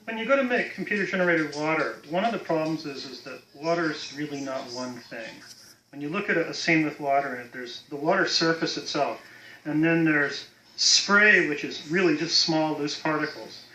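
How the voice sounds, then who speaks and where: A man explaining technical visual-effects work in a measured, explanatory way. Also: a little high, bright, forceful tone, a little hiss or hum. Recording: roomy echo.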